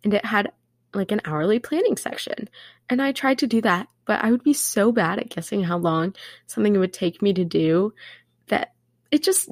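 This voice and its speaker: A woman's voice: mid-range voice, a little mellow, dry recording, clean studio sound. A young woman hosting her own podcast, chatting casually in a sarcastic, swear-laced way. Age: young adult. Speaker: podcast host. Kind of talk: casual solo podcast chat.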